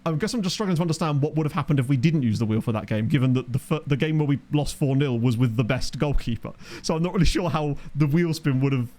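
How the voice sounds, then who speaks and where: A man's voice: fairly high pitch, fast, few pauses, mellow. A man streaming a football management game, chatting casually with his chat, rambling and joking as he plays. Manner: rambling, jokey, reacts to chat. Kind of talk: casual live-stream commentary. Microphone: desk microphone.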